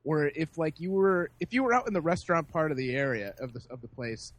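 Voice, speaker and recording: A man casually telling a story on a podcast, animated and laughing as he acts out the people in it. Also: fairly high pitch, brisk. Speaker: podcast host.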